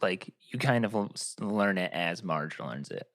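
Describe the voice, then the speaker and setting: A man's voice: low voice, animated, unhurried, fairly bright tone, dry recording, studio quality. A man co-hosting a film podcast, describing scenes in a laid-back, casual way. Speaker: podcast co-host. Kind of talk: casual chat.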